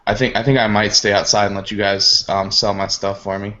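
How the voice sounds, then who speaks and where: A man's voice: lowish voice, little pitch movement, brisk, pushed and bright. A man playing a tabletop game, speaking hesitantly with many likes. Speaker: player. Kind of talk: casual tabletop game play. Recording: dull lo-fi sound.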